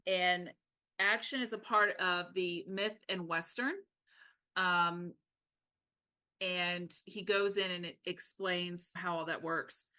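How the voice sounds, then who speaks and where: A woman co-hosting a podcast, talking casually and animatedly about a book, with quick asides. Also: on the low side, steady tone, bright, forceful tone, clean tone. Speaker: podcast co-host.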